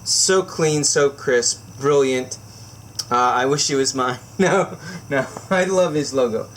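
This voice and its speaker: A man unboxing a knife for his vlog, gushing and giggling, so excited he says it makes him emotional. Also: mid-range voice, slow pace, a little hiss or hum. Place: indoors at home by candlelight.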